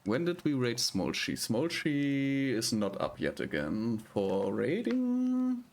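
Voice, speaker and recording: A man's voice: mid-range voice, huge pitch swings, slow pace. A man streaming live, chatting casually with viewers in a rambling, hesitant way.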